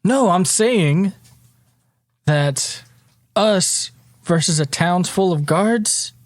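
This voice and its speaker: Dm doing a smug creature dealer, slow calm sales pitch, super dry close mic. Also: no room sound. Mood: persuasive.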